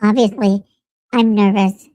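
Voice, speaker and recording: A woman reading a letter aloud in a put-on voice, playing a nervous jailed young woman with a high, drawn-out, pleading delivery. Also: fairly even intonation, mellow, dry recording, lightly acted. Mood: anxious.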